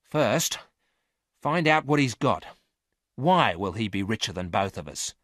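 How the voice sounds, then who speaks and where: A man voicing a greedy female space thief, raising his voice high and sharp with excitement. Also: unhurried, dry recording, studio quality, exaggerated voice.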